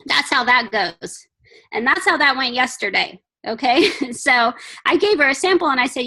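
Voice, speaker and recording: A woman's voice: high-pitched, expressive, moderate pace, pushed and bright. A woman giving a chatty, emphatic pep talk to her team on a video call from home, acting out little dialogues.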